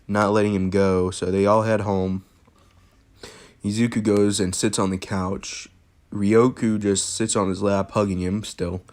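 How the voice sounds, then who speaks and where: A man's voice: fairly low pitch, darkish tone. Rambling young man telling a story. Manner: rambling, full of fillers and restarts, jokey. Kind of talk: casual improvised fan-fiction storytelling.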